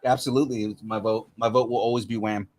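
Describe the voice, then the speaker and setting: A man's voice: lowish voice, fairly even intonation, fast, a little mellow, no echo. A man hosting a podcast who rambles through comedy sketches with lots of laughing in casual chat. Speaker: podcast host.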